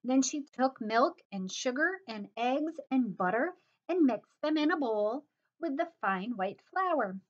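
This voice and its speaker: Slow, expressive woman reading a children's story. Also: high-pitched. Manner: slow, expressive read-aloud. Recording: dull lo-fi recording.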